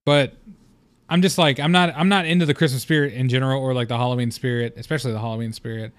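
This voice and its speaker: A man's voice: mid-range voice, fairly even intonation, fast, clear, resonant tone, dry recording. A young man hosting a solo podcast, talking in a loose, rambling, candid way with lots of fillers and casual swearing. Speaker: podcast host.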